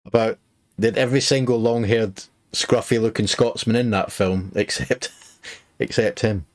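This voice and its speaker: A man's voice: on the low side, steady tone, moderate pace. A Glaswegian man streaming a game, chatting casually with his viewers and swearing now and then. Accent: Glaswegian Scottish. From Scotland. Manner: chatty, swears, talks to chat. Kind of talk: casual livestream chat.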